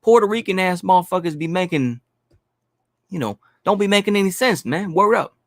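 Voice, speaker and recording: Man putting on a put-on New York accent, high voice, mocking street-guy taunts, dry close sound. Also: lively intonation, fairly quick, dry recording. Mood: taunting. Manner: loud slangy taunting.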